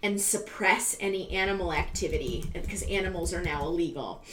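A woman casually retelling a story in animated style, with swearing and bursts of song. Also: fairly low pitch, fairly quick. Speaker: podcast co-host. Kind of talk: casual chat. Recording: roomy echo.

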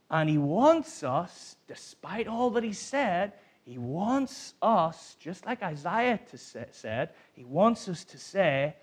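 A man preaching a sermon to a congregation, talking in a lively, conversational way and putting questions to them. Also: high-pitched, slow pace, breathy edge. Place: church hall.

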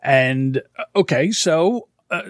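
Middle-aged man reminiscing, fairly high voice. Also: lively intonation, slow, no echo, studio quality. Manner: reflective storytelling about parenting. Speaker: podcast cohost. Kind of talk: casual chat.

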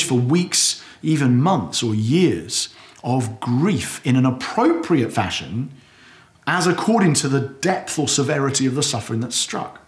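A man preaching a sermon, earnest and conversational, acting out anguished prayers loudly. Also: on the high side. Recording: echoey hall.

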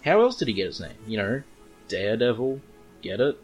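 A man's voice: medium pitch, sing-song, fairly quick, faint music behind. An Australian man casually recapping and reviewing a comic book issue in a chatty, rambling way. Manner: chatty, rambling, reads comic lines aloud.

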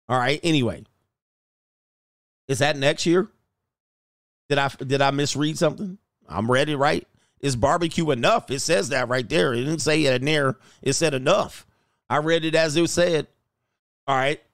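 A man's voice: on the high side, fairly bright tone, no room sound, studio quality. A man hosting a casual livestream, joking and laughing as he reads out viewer comments. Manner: joking, laughs often, slangy. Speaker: show host.

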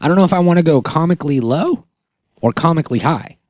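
A man's voice: a little high, lively intonation, fast talker, dry recording, studio quality. A man in his thirties hosting a podcast, chatting casually and joking with frequent laughs. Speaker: podcast host.

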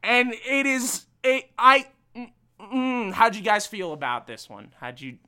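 A man on a casual podcast with a fairly high voice that has a bright, forceful edge. He talks fast and exclaims a lot, jumping between jokes. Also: clear, resonant tone. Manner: quick, exclamatory, jokey. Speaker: podcast co-host. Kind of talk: casual comedic chat.

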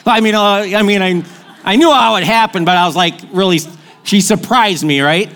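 A middle-aged male pastor, preaching an animated, joking sermon and telling stories to his congregation. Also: sits high, a little fast, smooth. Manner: animated, joking storyteller with crowd call-outs.

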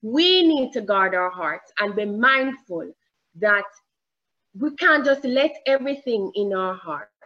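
A woman preaching a sermon, slow and emphatic, drawing out the scripture quotes. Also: mid-range voice, lively intonation, sharp tone, dull audio.

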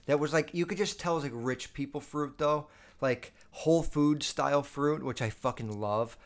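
A man's voice: a little high, normal speed. A young man in his twenties hosting a podcast, telling stories in a loose, rambling way with lots of swearing and filler words. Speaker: podcast host. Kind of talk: casual storytelling monologue.

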